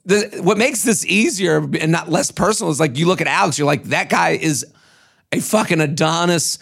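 A man co-hosting a podcast in casual chat, animated and swearing as he acts out quotes from a reality show. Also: a little high, normal speed, vocal fry, husky. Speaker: podcast co-host.

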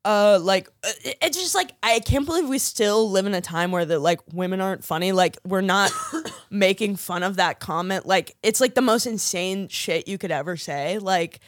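A woman co-host talks in a loose, chatty way, tossing in quick quips between filler words. Her voice sits in a middle pitch and sounds dry and close. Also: dry recording. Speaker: co-host comedian. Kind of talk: casual podcast chat.

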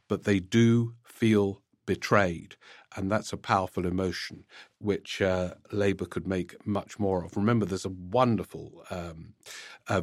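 Low-voiced man hosting a politics podcast. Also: dry recording, studio quality. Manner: reads letters aloud, then comments with frequent fillers. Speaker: podcast host answering listener emails. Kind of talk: conversational political commentary.

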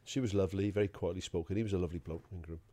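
A man's voice: deep voice, steady tone, racing, dark tone. A man, a podcast co-host, telling a rambling anecdote, swearing freely and laughing as he goes. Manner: swears freely, laughs through his story.

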